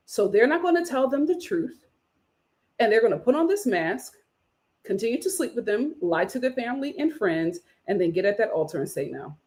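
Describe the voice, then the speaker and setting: A woman in her thirties giving casual live-stream commentary on a reality show, sassy and opinionated, laughing often. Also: medium pitch. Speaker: reality TV reviewer.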